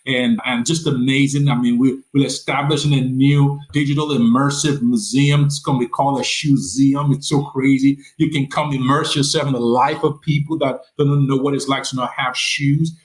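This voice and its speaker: A man's voice: mid-range voice, fairly even intonation, moderate pace, few pauses, low-quality recording. Earnest man telling a story. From Nigeria. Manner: earnest, stammers on repeated words like "and, and". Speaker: podcast guest, nonprofit founder. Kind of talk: personal storytelling in a conversation.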